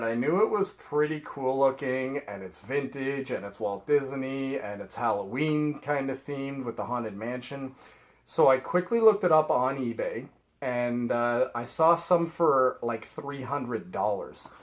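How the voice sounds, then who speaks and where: A middle-aged Canadian reseller with a medium-pitched voice rambles chattily through a haul vlog, laughing at himself. Background noise is audible.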